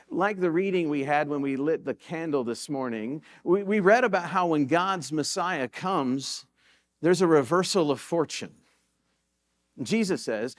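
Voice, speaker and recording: A man with a fairly high voice preaches in a church sanctuary. He talks like he's chatting with the congregation, then lifts into sudden emphatic bursts to drive a point home. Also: expressive, measured pace. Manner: conversational storytelling with sudden emphatic rises. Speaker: pastor. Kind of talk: sermon.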